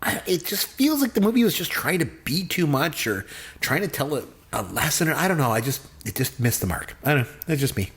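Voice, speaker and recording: A man's voice: on the high side, big pitch swings, a little fast, a bit bright. A middle-aged man co-hosting a casual movie review podcast, joking and complaining with exaggerated gripes. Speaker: podcast co-host; professor.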